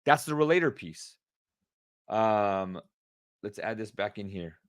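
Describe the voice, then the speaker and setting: A middle-aged man hosting a casual solo podcast, talking with excited energy and often repeating himself. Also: fairly low pitch, slow pace, smooth, no room sound, clean studio sound. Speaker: podcast host.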